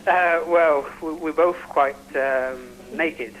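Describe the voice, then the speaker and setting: A sheepish man on a live phone-in, stumbling over his answers in a slightly higher voice. The sound comes through a phone line. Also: slow pace, a bit bright. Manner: hesitant, sheepish. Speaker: caller.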